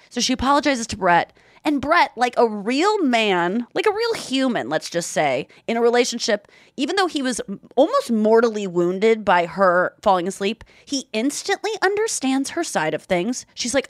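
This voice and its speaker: A woman co-hosting a podcast in casual chat, telling stories with lively acted-out quotes. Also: on the high side, moderate pace, hardly any pauses, no echo, studio quality. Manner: animated storytelling, acts out quotes. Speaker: podcast co-host.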